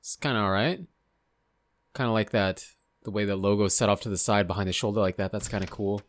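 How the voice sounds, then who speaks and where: A young man, slightly hoarse, casually talking through a video game's menus, rambling and often unsure of himself. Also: fairly low pitch, a little fast, dry recording, studio quality. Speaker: gaming YouTuber. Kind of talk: casual gameplay commentary.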